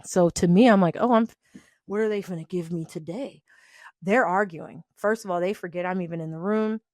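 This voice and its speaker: A woman's voice: on the low side, brisk, no room sound, studio quality. Young woman ranting about an old job, acts out everyone, no room sound. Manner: animated, quotes people in changing voices, laughs often. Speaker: podcast host. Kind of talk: storytelling rant.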